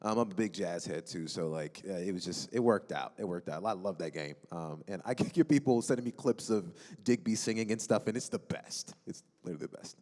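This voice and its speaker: A man's voice: deep voice, expressive, a little fast, hardly any pauses, darkish tone. A man speaking as a voice-acting panelist, enthusiastic and loose with slang, in casual convention talk. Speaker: panelist voice actor. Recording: echoey convention hall.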